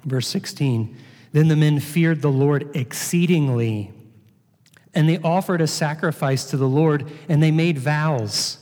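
A man's voice: on the high side, unhurried, darkish tone. A man preaching a sermon, reading scripture aloud and then explaining it with rhetorical questions. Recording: long hall reverb.

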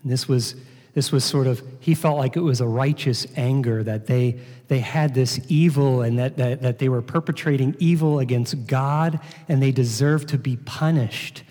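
A man preaching a sermon, teaching from a Bible passage in a slow, earnest way with repeated words. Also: mid-range voice, mellow. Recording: long hall reverb.

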